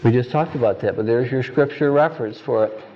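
A man's voice: medium pitch, a little fast, lo-fi sound. A man teaching a Bible study class, firing pointed questions at his students and answering them himself.

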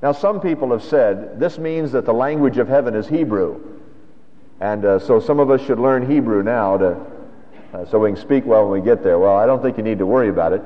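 In a reverberant hall, a pastor with a lowish voice preaches a sermon fairly quickly, keeping it conversational and using rhetorical questions. The recording is dull and lo-fi with long hall reverb.

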